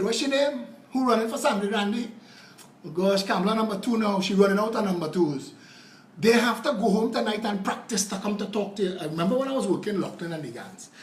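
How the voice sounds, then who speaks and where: A man's voice: high voice, echoey room. A man with a Trinidadian accent hosting a live political show, ranting in a combative, profane and mocking way, telling stories to make his point.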